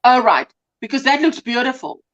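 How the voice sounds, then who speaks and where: South african lady chatting on a crochet live, bouncy up and down voice, kinda dull lo-fi sound. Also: moderate pace. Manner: chatty, gushing, lively swings in pitch. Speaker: crochet livestream host. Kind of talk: casual live chat.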